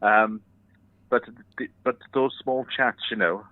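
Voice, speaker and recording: A man's voice: lowish voice, steady tone, slow, no room sound. A man calling in to a chat show, chatty with wry asides, heard over a phone line. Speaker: caller.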